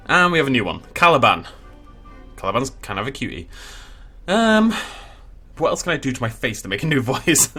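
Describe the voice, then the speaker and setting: A man's voice: mid-range voice, sing-song, a little fast, pauses often, bright, forceful tone, breathy edge, faint music behind. A man doing a comic game playthrough, playfully jumping between silly character voices and mocking himself. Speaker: gameplay commentator voicing characters.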